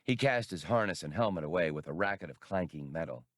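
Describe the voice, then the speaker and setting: Low-voiced male audiobook narrator. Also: animated, a bit bright, no room sound, clean studio sound. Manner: measured storytelling. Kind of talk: scripted narration.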